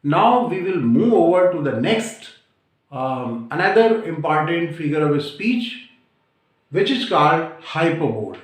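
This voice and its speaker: Male grammar teacher, high voice, slow and repetitive delivery, very echoey room. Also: sing-song. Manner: repetitive, deliberate, defines terms over and over. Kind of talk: slow explanatory lecture.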